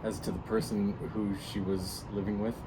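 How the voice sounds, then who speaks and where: A young man with a mid-range voice ribs his friend in a dry, teasing way during a relaxed chat. Clear background noise runs under his voice. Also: on the low side, moderate pace. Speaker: co-host of a script reading video. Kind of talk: casual banter.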